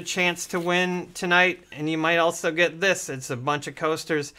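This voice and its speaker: Bright-voiced joking man hosting a stream. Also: on the high side, little pitch movement, normal speed, few pauses. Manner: jokey, acts out both sides of stories. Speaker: stream host. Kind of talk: comedic livestream banter.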